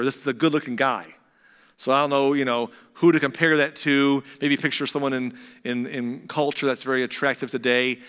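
A man's voice: fairly high pitch, pushed and bright. A man preaching a sermon in a conversational, joking way. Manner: conversational, joking asides to a laughing congregation. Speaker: pastor. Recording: reverberant hall sound.

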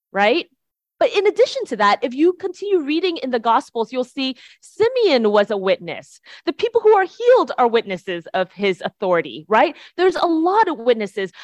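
A woman's voice: fairly high pitch, dry recording. A woman preacher giving a conversational sermon to a congregation, often checking in with "right?". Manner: chatty, tags points with "right?".

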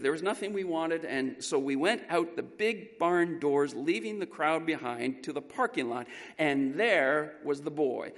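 A man preaching a sermon through an animated, emphatic story. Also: a little high. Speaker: pastor. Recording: long reverb in a large hall.

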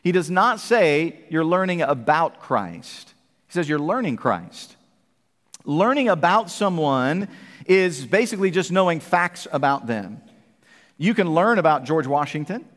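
High-voiced preacher in a reverberant church. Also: male voice, sing-song, measured pace, a bit bright. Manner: emphatic preaching, asks the congregation questions. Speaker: pastor. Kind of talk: sermon. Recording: long hall reverb.

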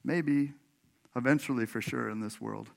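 Storytelling pastor from Washington state. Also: male voice, mid-range voice, normal speed, creaky. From Washington state, USA. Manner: conversational, laughs often, addresses congregation directly. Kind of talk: sermon with personal storytelling. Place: church sanctuary.

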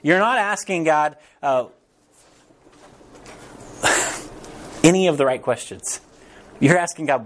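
A man's voice: a little high, lively intonation, slow pace, long pauses, a bit bright, slight background noise. Casual young man teaching a Bible class. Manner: conversational, repeats phrases, acts out quoted voices.

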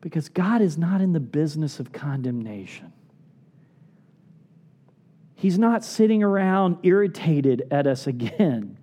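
A middle-aged man preaching a sermon as a pastor, earnest and pleading, often dropping to soft low tones for emphasis. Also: expressive, measured pace, pauses often.

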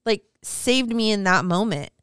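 A woman's voice: mid-range voice, lively intonation, unhurried, fairly bright tone, clear, resonant tone, no echo, clean studio sound. A woman guest on a faith podcast, telling a personal story in a casual, emotional, rambling way, full of fillers and restarts.

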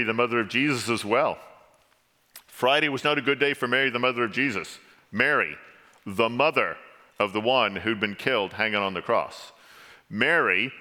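A man born in England preaching a sermon with dramatic storytelling, rising to pleading and sinking to a somber hush. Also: medium pitch. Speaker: pastor. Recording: long hall reverb.

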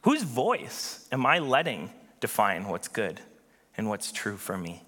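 A man preaching a sermon as pastor, earnest and emphatic, with dramatic pauses. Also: on the low side, sing-song, fairly bright tone, long reverb tail.

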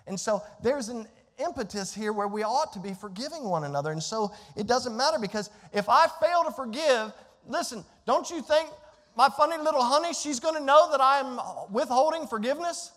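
An older man preaching a sermon as pastor, emphatic and conversational, swinging from hushed to loud with asides to the congregation. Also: very high-pitched, expressive, normal speed. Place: church sanctuary. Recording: echoey hall with faint music.

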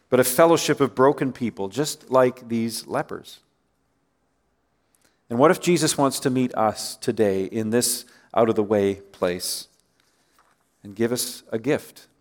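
A man preaching a sermon in a conversational way, often asking listeners rhetorical questions and letting his voice drop at the ends of phrases. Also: medium pitch. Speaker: pastor.

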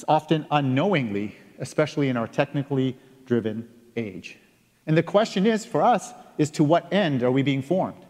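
A man's voice: on the high side, a little mellow. Man preaching in a reverberant hall. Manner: earnest, reads scripture aloud with emphatic pauses. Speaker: pastor. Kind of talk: sermon. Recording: long reverb of a large hall.

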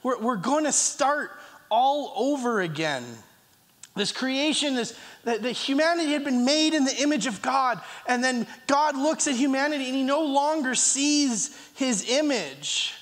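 Earnest and reading scripture aloud, a pastor delivers his sermon in a very high, expressive voice with a fairly bright tone. He pauses, restarts, and coughs slightly, all echoing through the long reverb of the church hall.

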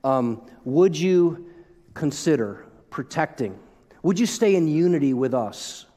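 A middle-aged man preaching a sermon as pastor, animated, with joking asides and frequent restarts. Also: on the high side, unhurried. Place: church sanctuary. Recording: long hall reverb.

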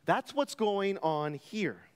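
A man preaching a sermon as pastor, explaining a scripture passage with emphatic, deliberate delivery. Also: sits high, big pitch swings, smooth, in a large hall.

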